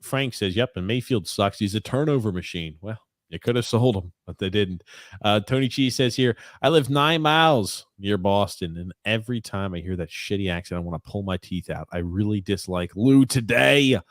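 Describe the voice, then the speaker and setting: Man, low voice, dry close sound, casual podcast co-host, reads chat comments, laid-back. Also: moderate pace, no echo.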